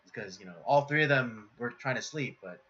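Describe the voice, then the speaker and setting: A man's voice: medium pitch, expressive, a little fast, fairly bright tone. A man co-hosting a casual film review podcast, laid-back and leaning on "you know" and "like". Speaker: podcast co-host. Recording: dull lo-fi stream audio.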